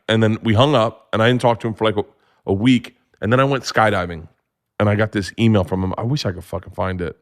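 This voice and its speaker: A man telling stories as a comedy guest, excitable and profane, often restarting with "like". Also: on the low side, quick pace. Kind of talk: casual storytelling.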